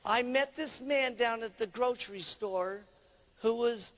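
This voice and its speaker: A man's voice: extremely high pitch, unhurried, a bit bright, slight background noise. A man putting on a gushing housewife. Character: excited overweight housewife customer, breathless. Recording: long hall reverb.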